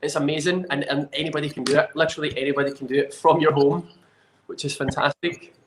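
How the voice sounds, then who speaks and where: A man's voice: on the high side, fairly even intonation, fast. A man, a fitness trainer talking in a casual interview, earnest and enthusiastic, often restarting his sentences. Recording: roomy echo.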